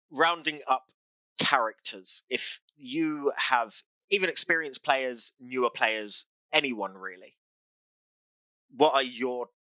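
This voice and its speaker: A man's voice: medium pitch, bright, forceful tone, dry recording, low-quality recording. A British man hosting a casual podcast as dungeon master, talking earnestly and restarting phrases as he gives advice.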